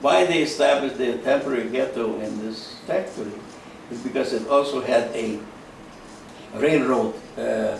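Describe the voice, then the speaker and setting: An elderly man speaks slowly and haltingly, stopping for fillers and repeating words. His voice is gravelly with a creaky edge. He sounds set back from the mic, in a strongly echoing room with a faint hiss underneath. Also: mid-range voice. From Carpatho-Ruthenia, Eastern Europe. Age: 90s. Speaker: interview guest, Holocaust survivor. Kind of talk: personal testimony in an interview. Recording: echoey room, mic at a distance.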